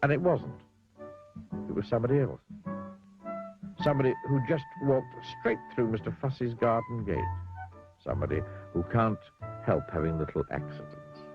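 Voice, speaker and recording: A man reading a children's storybook aloud in an expressive, playful way, sometimes speaking to the listener. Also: on the low side, normal speed, lo-fi sound, music in the background.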